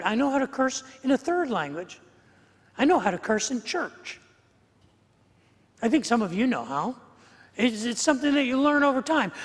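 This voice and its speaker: High-voiced pastor in a reverberant church. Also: male voice, fairly bright tone. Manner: humorous, conversational preaching. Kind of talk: sermon. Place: church sanctuary. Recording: long reverb of a church hall.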